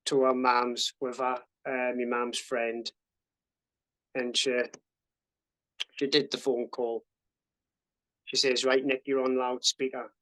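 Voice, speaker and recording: Guy in his 30s, telling his story, swears a lot, does everyone's lines higher. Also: fairly bright tone, low-quality recording. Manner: swears freely, acts out quoted dialogue in a raised voice. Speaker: podcast guest, army veteran. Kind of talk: casual storytelling.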